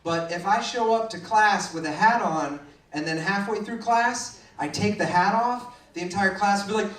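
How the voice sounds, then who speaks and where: A young man doing a stand-up set, acting out kids in sudden shrill shouts. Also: moderate pace, few pauses, far from the mic. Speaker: stand-up comedian. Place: club stage, roomy. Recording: roomy live club sound from afar.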